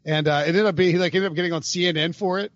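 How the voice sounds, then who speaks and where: A man hosting a podcast, talking in a rambling, animated, self-interrupting way. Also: high voice, rapid-fire, no echo, dull audio. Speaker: podcast host. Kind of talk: casual chat.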